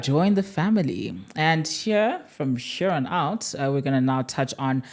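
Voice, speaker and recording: A woman's voice: sits low, moderate pace, hardly any pauses, darkish tone. A young woman from South Africa co-hosting a podcast, chatting casually with frequent laughs and fillers. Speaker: podcast co-host.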